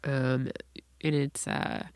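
A middle-aged woman chatting casually and telling a lively story, acting out quoted voices. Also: very deep voice, slow, creaky, no room sound. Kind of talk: casual chat.

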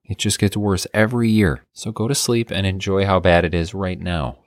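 A father co-hosting a casual podcast, relaxed with a dry sense of humor. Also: sits low, normal speed, no room sound. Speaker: podcast co-host. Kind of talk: casual chat.

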